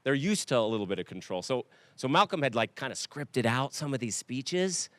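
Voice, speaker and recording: A man introducing the next wedding speaker, joking in an unhurried way. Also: medium pitch, sing-song, a bit bright, no echo. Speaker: wedding emcee.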